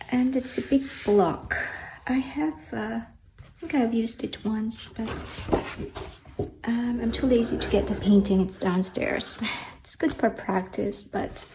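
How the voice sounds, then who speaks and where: A woman hosting a casual vlog, talking slowly and hesitantly with many ums and restarts. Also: fairly high pitch, a little mellow, low-quality recording. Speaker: art channel host. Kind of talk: casual show-and-tell vlog. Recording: faint background noise.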